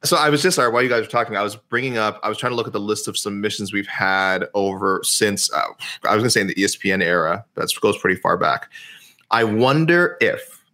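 A man's voice: fairly low pitch, quick pace, pushed and bright. A young man co-hosting a casual sports podcast, thinking aloud and often correcting himself. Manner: speculative, self-correcting, many restarts. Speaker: podcast co-host.

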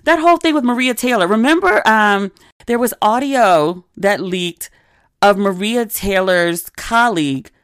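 A woman's voice: mid-range voice, expressive, measured pace, fairly bright tone, clean tone, no echo. Woman in her thirties, casual podcast host, candid and chatty, dry close recording. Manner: chatty, candid storytelling with asides. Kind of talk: casual chat.

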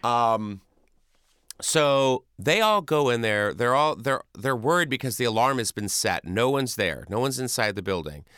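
Man guest, animated storyteller, bright, smooth voice, dry close sound. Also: medium pitch, measured pace, no echo. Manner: animated, acts out quotes and sounds. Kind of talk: casual storytelling.

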